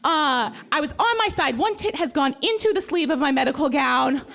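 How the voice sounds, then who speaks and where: Woman, live comic storyteller, self-deprecating and animated, voice sits a bit high. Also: normal speed, creaky. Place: stage before a live audience.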